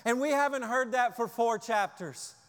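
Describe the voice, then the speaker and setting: A man's voice: very high voice, moderate pace, long reverb tail. A man preaching a sermon, emphatic and repeating key phrases for stress. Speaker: pastor.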